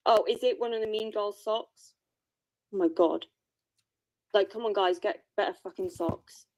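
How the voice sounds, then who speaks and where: A woman's voice: mid-range voice, moderate pace, darkish tone, poor audio. A woman hosting casual livestream commentary, blunt and confrontational, swearing freely. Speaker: livestream host.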